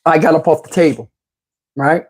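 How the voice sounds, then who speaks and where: A man telling a wild personal story in a casual, animated, slangy way, swearing freely. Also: on the high side, normal speed, breathy edge.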